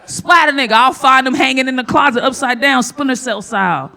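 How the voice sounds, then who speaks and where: A woman working a comedy club stage in a live stand-up set. Her voice is bright and forceful, and her delivery is brash and profane. She keeps jumping into sudden loud outbursts. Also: sits high, brisk, gravelly.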